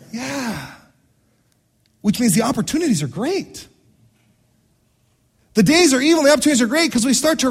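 High-voiced, animated pastor preaching. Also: male voice. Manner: energetic, questions the audience, swings between loud and hushed. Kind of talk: sermon.

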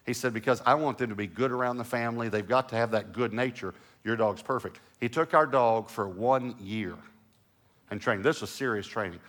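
A middle-aged male pastor preaches a sermon as an animated storyteller, sinking to hushed lows and then rising into loud bursts.

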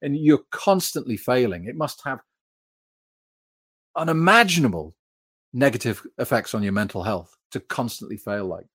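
A man's voice: medium pitch, lively intonation, normal speed, pauses often, fairly bright tone, breathy edge. A British man hosting a live stream, chatting frankly and reading out viewer comments with plenty of fillers. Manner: frank, conversational, many fillers. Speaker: host.

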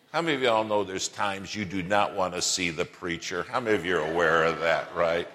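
A man's voice: low voice, a little fast, few pauses, bright, forceful tone, long reverb tail, a little hiss or hum. A middle-aged man preaching a sermon in an auditorium, telling a folksy, humorous story and asking the audience questions.

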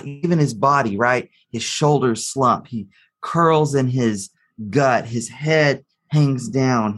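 Man, husky, breathy edge, interview guest, storytelling explainer. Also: medium pitch. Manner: storytelling, acts out the quotes of the figures in the story. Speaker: expert guest explaining psychology.

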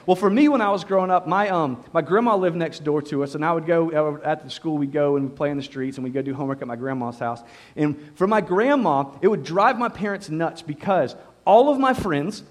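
A man's voice: sits high, expressive, a little fast. A man preaching a sermon to a live congregation in a conversational way, repeating words and often saying "you know". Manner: speaks to a live congregation, asks them questions. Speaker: pastor. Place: church service before a congregation.

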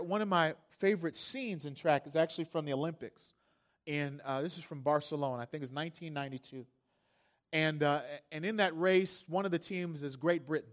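Male pastor, high-pitched, sermon delivery that moves from hushed to loud and fervent. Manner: storytelling preacher, builds to loud climaxes.

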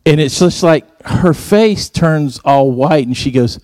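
Male preacher, storyteller, acts out dialogue, warm tone. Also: on the high side, a little slow, no room sound, clean studio sound. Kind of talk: sermon.

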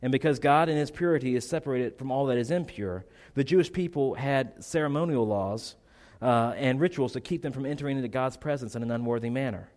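A man's voice: medium pitch, brisk, darkish tone. A man preaching a sermon as pastor, earnest, with repeated phrases and rhetorical questions, still a little congested. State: slightly congested.

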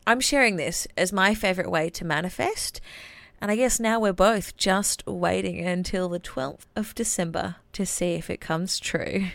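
A woman's voice: lowish voice, normal speed, gravelly, fairly bright tone, slight background noise. A woman, hosting her solo podcast in a bubbly, chatty way and reading out a journal entry. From Australia. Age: late 20s. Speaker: podcast host.

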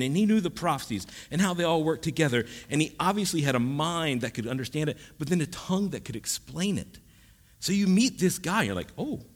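A man's voice: medium pitch, fairly bright tone. A man preaching a sermon in a conversational teaching style, with jokes and asides. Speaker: pastor.

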